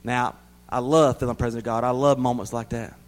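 A man preaching a sermon in a folksy way, repeating words for emphasis and swinging between loud emphatic bursts and quiet asides. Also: mid-range voice, steady tone, fast talker, rough recording.

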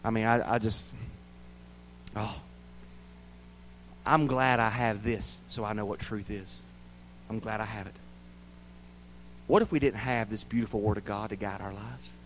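A man preaching a sermon as a pastor to his church, rising loud and high, then dropping quiet and low. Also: steady tone, unhurried, pauses often, a little hiss or hum, low-quality recording.

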